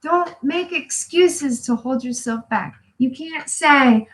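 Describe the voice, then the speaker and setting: A woman chatting on a live home video, telling personal stories and giving pep talks. She talks in a blunt, profane, animated way and laughs often. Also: high voice, slow, low-quality recording. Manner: emphatic pep-talk delivery. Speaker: vlogger. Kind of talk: casual live-stream storytelling. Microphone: phone or webcam for a live video.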